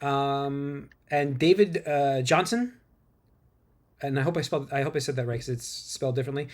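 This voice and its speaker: A man hosting a casual movie news podcast from home, rambling and tripping over names, quick to laugh. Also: mid-range voice. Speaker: podcast host.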